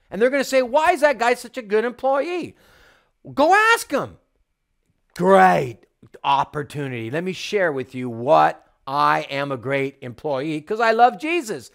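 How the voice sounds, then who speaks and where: High, lively-voiced fervent male preacher. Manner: fervent, repetitive preaching with emphatic refrains. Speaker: home church teacher. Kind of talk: sermon.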